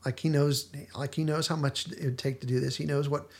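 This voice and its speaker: A man's voice: a little high, flat delivery, brisk. A male podcast host casually discussing a TV episode, retelling its scenes with lots of restarts and fillers.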